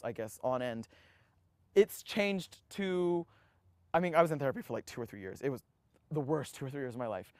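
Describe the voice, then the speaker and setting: A young man in his twenties recounts his past in an interview, his voice fairly high for a man. He tells it in an animated way, often restarting his sentences and briefly acting out other people's voices. The sound is dry and close, with no room around it. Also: clear, resonant tone, no echo. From United States. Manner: animated, acts out quoted voices, frequent restarts. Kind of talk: personal storytelling interview.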